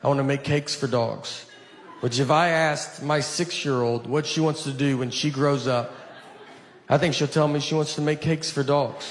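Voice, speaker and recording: A middle-aged man doing a deadpan, self-deprecating stand-up routine on a theater stage. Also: a little high, noisy background. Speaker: stand-up comedian. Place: theater stage before a laughing audience. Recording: live show with audible crowd.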